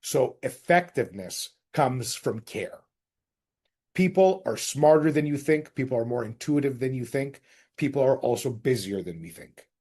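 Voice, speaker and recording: A man coaching real estate agents in a direct, energetic lecture. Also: medium pitch, normal speed. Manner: direct, energetic, addresses group as guys.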